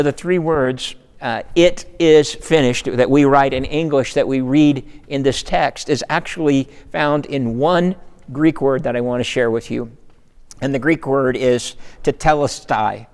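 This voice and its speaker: A man's voice: medium pitch, smooth, long reverb tail. A man preaching a sermon in earnest, repeating words and building to emphatic peaks. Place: church sanctuary.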